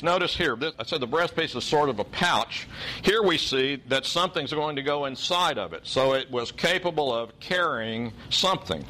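A man teaching a Bible study, reading verses aloud and adding measured, reflective explanations. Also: medium pitch, bright, forceful tone, slight background noise.

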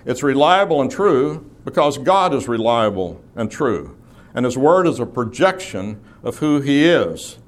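A male Bible teacher lecturing to a class at a middle pitch. He explains each point patiently and methodically, with the odd filler word. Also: sing-song, unhurried.

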